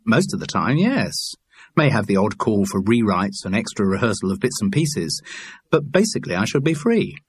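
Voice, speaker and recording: A man's voice: lowish voice, big pitch swings, moderate pace, husky, dry recording. A man voicing a wry, grumbling middle-aged male actor in an audiobook.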